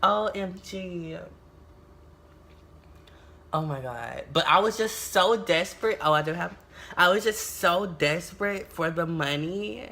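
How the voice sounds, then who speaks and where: A young adult woman from the United States tells a storytime vlog in a casual, animated way, swearing often and exclaiming a lot. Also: lowish voice, slow pace, vocal fry, pauses often. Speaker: YouTuber.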